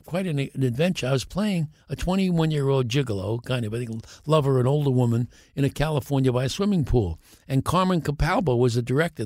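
Older male actor guest, animated raconteur, plays every part in his anecdotes, mid-pitched voice, dry close sound. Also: creaky, no echo. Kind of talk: podcast interview storytelling.

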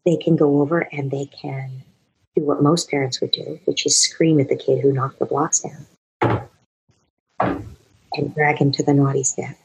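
A woman's voice: rumbling low, little pitch movement, moderate pace, long pauses, a little mellow, slight background noise, low-quality recording. A middle-aged woman, a parenting expert, earnestly explaining her advice in an interview, using worked-through examples.

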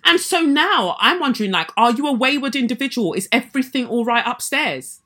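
A woman, hosting a podcast and telling a personal story in an animated, indignant way, acting out what others said. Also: high-pitched, brisk. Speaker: podcast host. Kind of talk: personal story told to listeners.

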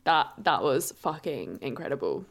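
A woman's voice: very deep voice, sing-song, moderate pace, gravelly. A woman co-hosting a podcast, giggly and enthusiastic in casual chat, swearing freely. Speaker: podcast co-host.

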